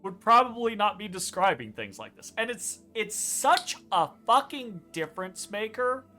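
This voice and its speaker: A woman co-hosting a let's play, chatting casually with emphatic, animated delivery and some swearing. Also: medium pitch, moderate pace, soft background music. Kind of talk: casual chat over gameplay.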